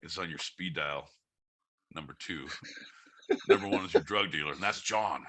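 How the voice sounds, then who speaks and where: A man hosts a live-streamed podcast in loose, rowdy banter, joking and swearing as he rambles between topics. His voice sits a little low but rings bright and forceful. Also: moderate pace. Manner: loud, rambling, profane joking. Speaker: podcast host.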